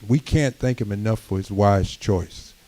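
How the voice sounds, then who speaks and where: A middle-aged man giving a sermon-style address at a community gathering, measured and full of "uh" fillers, building to emphatic points. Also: on the low side, mellow, low-quality recording.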